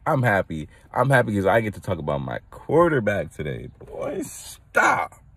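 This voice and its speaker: Low-voiced hyped podcast host guy. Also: sing-song, fairly quick, vocal fry, slightly rough, dry recording. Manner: hyped, rambling, laughs at own jokes. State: tired from little sleep. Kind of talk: casual solo podcast rant.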